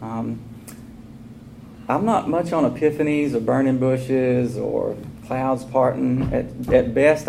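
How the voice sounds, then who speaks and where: A man speaking at a recovery meeting, telling his story in a candid, casual way and acting out the dialogue. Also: mid-range voice. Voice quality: gravelly. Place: meeting room. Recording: noisy room recording.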